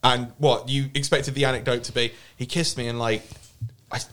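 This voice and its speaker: A man's voice: mid-range voice, steady tone, normal speed, very noisy. A man, an actor guest, telling anecdotes in casual podcast chat with self-mocking humour. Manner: self-mocking, laughing storyteller.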